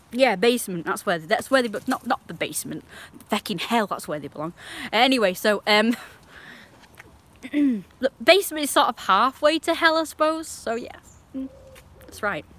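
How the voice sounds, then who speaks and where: A young woman tells a long, rambling story to her live stream. She is indignant and swears freely, in a voice that sits slightly high. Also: expressive, moderate pace, pauses often, fairly bright tone.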